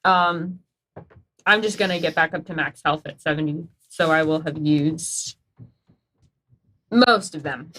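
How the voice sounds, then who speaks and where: A woman's voice: sits low, unhurried, pauses often, fairly bright tone, slight background noise, rough recording. A woman playing a tabletop game, chatting casually and rambling with lots of fillers. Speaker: player.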